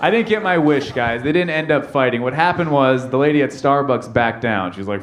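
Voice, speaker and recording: A man's voice: mid-range voice, expressive, a little fast, few pauses. A male stand-up comedian telling a brash, profane story on a comedy club stage, acting out both sides of an argument.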